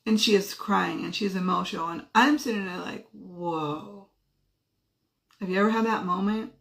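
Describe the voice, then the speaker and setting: A woman in her thirties tells a personal story straight to the camera in an easygoing, lively way. Her voice has a gravelly, fried edge, and she jumps up high to act out other people's lines. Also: fast talker. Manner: animated, acts out quotes with shifting pitch. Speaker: host.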